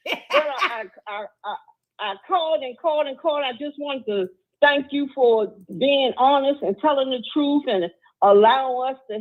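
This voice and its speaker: A woman from Washington, D.C. calling in to a show, earnest and churchy, stumbling over her words. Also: high-pitched. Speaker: caller. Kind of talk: phone call-in. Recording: tinny phone line.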